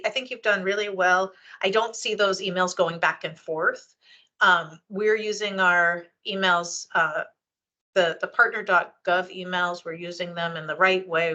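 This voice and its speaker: A woman leads a public board meeting over a video call, talking through procedure in a conversational, explanatory way. Her voice sits a little low but sounds bright and clear, with frequent ums and restarts. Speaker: meeting chair, library official.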